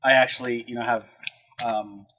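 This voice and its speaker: A man's voice: medium pitch, little pitch movement, moderate pace, very noisy. A man co-hosting a casual podcast, laid-back and hesitant, speaking from some distance from the mic. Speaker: podcast co-host. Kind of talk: casual chat.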